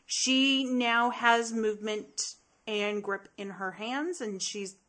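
Giggly woman podcast co-host, fairly high voice. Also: slow, fairly bright tone. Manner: bubbly, giggly, reads news items. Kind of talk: casual chat.

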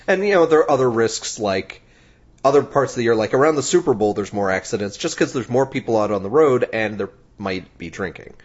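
A man co-hosting a podcast explains a news item in chatty, rambling casual talk, going on at length with plenty of fillers. His mid-range voice is expressive and fairly quick, and the podcast audio is dull and lo-fi.

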